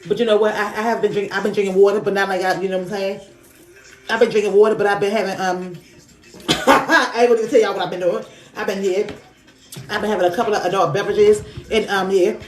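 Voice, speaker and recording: A woman's voice: mid-range voice, flat delivery, fast, a little mellow, reverberant, soft background music. A woman reading tarot on a live stream, affirming and repeating herself in casual, slangy talk. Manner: affirming, repetitive, chatty with slang. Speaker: spiritual reader on a live stream. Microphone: phone on a live stream.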